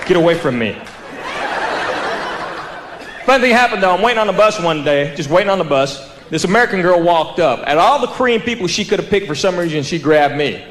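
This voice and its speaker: High-voiced Southern man doing stand-up. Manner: animated storytelling, drawn-out vowels, acts out characters. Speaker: stand-up comedian. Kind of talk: stand-up comedy. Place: live comedy venue with audience. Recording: roomy hall with audience noise. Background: crowd laughter.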